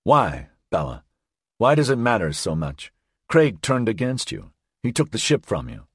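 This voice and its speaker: Wary clinical doctor, deep and husky, as the narrator puts him on, audiobook, dry room. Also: male voice, very animated, measured pace, no room sound, heavily acted. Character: cautious, guarded male doctor, low-voiced.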